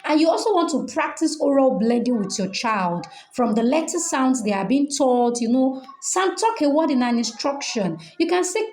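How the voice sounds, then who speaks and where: A woman's voice: high-pitched, expressive, moderate pace, a little mellow. A middle-aged woman with a Nigerian accent, coaching parents on teaching reading, repeating key points and checking in with "okay?". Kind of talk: online training session. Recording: echoey room.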